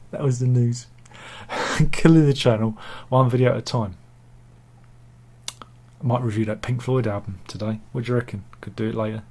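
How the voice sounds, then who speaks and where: A man's voice: mid-range voice, a little mellow, husky. A British man in a cold room at home, reading viewer comments aloud in a rambling, joking, self-mocking chat. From Britain. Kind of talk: casual chat.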